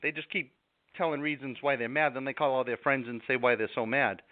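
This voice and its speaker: A man's voice: mid-range voice, a little fast, dry recording. A man giving self-help advice in a live interview, talking casually and acting out angry outbursts. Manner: animated, acts out angry outbursts. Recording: tinny phone-like sound, dry.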